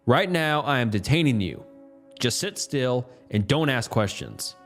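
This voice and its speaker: A man's voice: mid-range voice, sing-song, unhurried, soft background music, pitched above the performer's own voice. A man voicing a stern, hostile man in his fifties who barks orders in a cop-like tone. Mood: threatening. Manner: shouting, cop-like barked orders.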